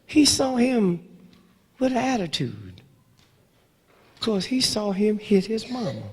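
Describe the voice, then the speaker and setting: A man in his seventies giving a fiery lecture full of storytelling, swinging between hushed murmurs and loud outbursts, with rhythmic call-outs to the audience. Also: high-pitched, very animated, slow pace, slightly rough. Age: 70s. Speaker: speaker addressing an audience. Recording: long reverb of a large hall.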